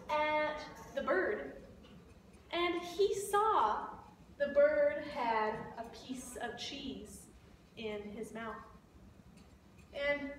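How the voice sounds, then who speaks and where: Very slow, echoey woman teacher. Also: high voice, a little hiss or hum. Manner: simple, repetitive retelling. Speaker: language teacher. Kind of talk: slow story-listening lesson. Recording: echoey room, voice from a distance.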